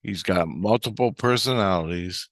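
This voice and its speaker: A man's voice: deep voice, normal speed, no echo, clean studio sound. A man telling a personal story in a rambling, casual monologue, often restarting his sentences. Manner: rambling, with frequent restarts and fillers. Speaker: vlogger.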